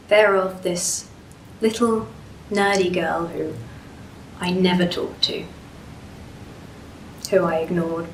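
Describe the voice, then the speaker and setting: A woman performing a dramatic monologue as a regretful young woman recalling a girl she ignored, slow and halting. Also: fairly low pitch, little pitch movement. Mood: rueful. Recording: distant echoey room recording, some noise.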